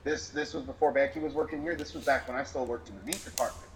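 Man, mid pitch, fired-up rant, heavy swearing, podcast chat, faint room noise. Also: fast, poor audio. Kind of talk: casual chat, heated rant.

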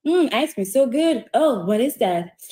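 A woman's voice: on the high side, expressive, measured pace, dark tone. A woman playing a robotic livestream NPC character who chants the same short catchphrases over and over in a mechanical way. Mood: chirpy robotic.

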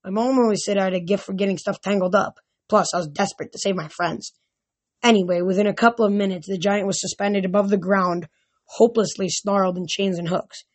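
A woman with a voice of middling pitch reads a novel aloud. She stumbles over words now and then and starts over. She raises her voice when characters shout. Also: fairly even intonation, a little fast. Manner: reads aloud with frequent slips and restarts. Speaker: reader. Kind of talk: amateur audiobook reading.

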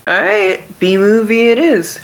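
A woman's voice: medium pitch, measured pace. A woman playing a tabletop role-playing game, narrating her character's actions in a giggly, offhand way. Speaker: player. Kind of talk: casual tabletop role-play.

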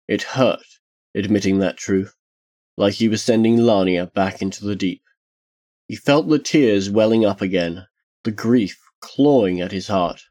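A man reading a dark fantasy tale aloud in a measured, solemn storytelling manner. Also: on the low side. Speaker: narrator.

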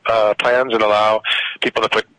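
Bright-voiced man explaining policy on radio. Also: fairly low pitch, flat delivery, normal speed, no room sound, rough recording. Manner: earnest, explanatory, many fillers. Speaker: policy researcher guest. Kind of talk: radio interview.

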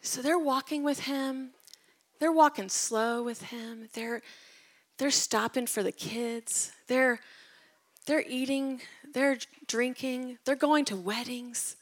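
A woman's voice: high voice, takes it slowly. A woman retelling Bible stories in a casual devotional talk. She tells them with animation and drops to a whisper at tender moments. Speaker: Bible teacher.

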